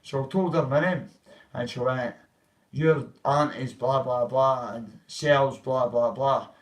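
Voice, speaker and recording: Taking it slowly in a steady, mid-range voice, a man vlogger tells his livestream audience a story. It's rambling and profane, with quoted voices acted out, and he sounds a bit far from the mic.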